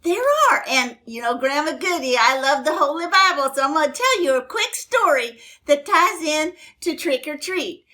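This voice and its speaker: A woman's voice: high-pitched, animated, normal speed, hardly any pauses. An older woman hosting a children's Bible story show, telling it in a chatty, rambling, homespun way with plenty of fillers. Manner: chatty, rambling, homespun, warm toward kids. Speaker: storytelling host.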